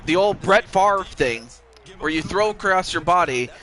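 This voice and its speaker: A man doing casual play-by-play commentary on a video game football match, excitable and rambling, with quick exclamations. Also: sits high, low-quality recording. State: has the hiccups.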